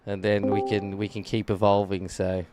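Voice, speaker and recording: A man co-hosting a racing stream in a friendly, offhand way, calling people mate. He trails off and restarts his sentences, mid-pitched and unfussy. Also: completely flat delivery, moderate pace. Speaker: sim racing co-host. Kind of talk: casual banter on a stream.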